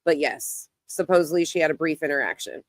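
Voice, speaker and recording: Woman livestream host, lowish pitch, dry close sound, blunt and sweary, voice fraying, calls out chat names. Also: a little fast, no room sound. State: losing her voice. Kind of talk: casual livestream commentary.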